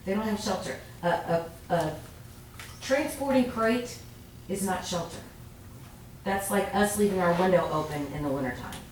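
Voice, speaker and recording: A woman's voice: fairly low pitch, animated, moderate pace. A woman giving a heartfelt public comment at a city council meeting. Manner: earnest, heartfelt. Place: council chamber. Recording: echoey chamber, far from mic, faint noise.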